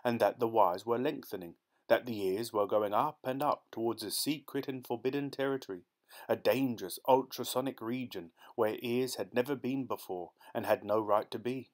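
A man narrating a short story as an audiobook reader, in a steady, measured way. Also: medium pitch. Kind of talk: scripted narration.

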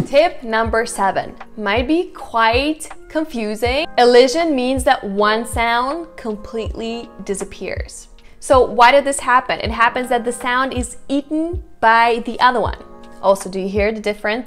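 A woman's voice: a little high, soft background music. Woman coaching pronunciation. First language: Russian. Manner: demonstrative, repeats example words slowly. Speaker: accent coach. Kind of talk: pronunciation lesson.

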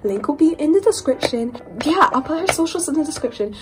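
A woman's voice: sits high, expressive, fairly quick. A young woman from the UK, chatting in a gushing, rambling way while unboxing toys, with squeals and laughs. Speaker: toy collector vlogger. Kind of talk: excited unboxing chat.

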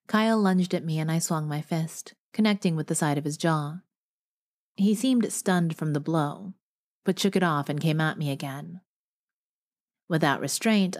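Low-voiced woman reading an audiobook. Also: normal speed. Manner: steady first-person storytelling. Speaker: audiobook narrator. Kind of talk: scripted narration.

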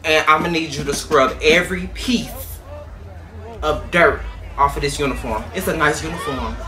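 A man's voice: a little high, moderate pace, crowd noise. A man gives sassy, emphatic reaction commentary while reviewing a dance team's performance. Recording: voice over loud band music.

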